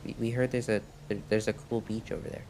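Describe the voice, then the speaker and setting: A man's voice: fairly low pitch, little pitch movement, fast, darkish tone, a little hiss or hum, close to an everyday voice. A man voicing a laid-back male creature traveler in a tabletop game, hesitant and stumbling over his words.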